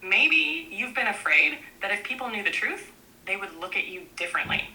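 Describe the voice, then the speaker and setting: A woman narrating a book aloud in a gentle, reassuring way, speaking in short, repeated affirmations. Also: mid-range voice, big pitch swings, normal speed, a little hiss or hum, rough recording.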